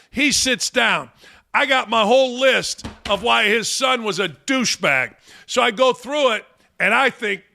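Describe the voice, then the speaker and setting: A man's voice: very high-pitched, creaky, bright, forceful tone. An older man hosting a live fan Q&A stream, talking in a brash, profane, rambling way and telling stories. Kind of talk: casual live-stream chat.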